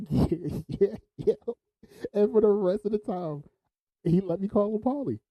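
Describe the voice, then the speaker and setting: A man's voice: high-pitched, unhurried, mellow, no room sound, low-quality recording. A man hosting a podcast, telling laid-back stories, laughing often and swearing freely. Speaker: podcast host. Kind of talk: casual storytelling.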